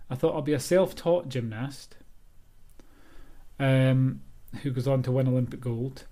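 Rambling Scottish man, mellow voice. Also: mid-range voice, unhurried. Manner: rambling, self-deprecating, chatty. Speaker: author and podcast host. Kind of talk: casual solo podcast monologue.

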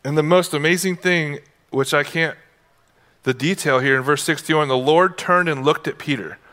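Bright-voiced, conversational man preaching. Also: a little high, normal speed. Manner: casual, conversational preaching with playful asides. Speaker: pastor. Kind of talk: sermon. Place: church.

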